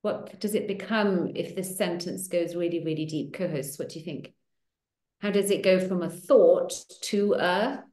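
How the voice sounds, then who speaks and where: A woman hosting an online circle, coaching listeners warmly through affirmations with animated, encouraging delivery. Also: on the low side, normal speed, echoey room. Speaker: host of a women's money circle. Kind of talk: coaching talk to an online group.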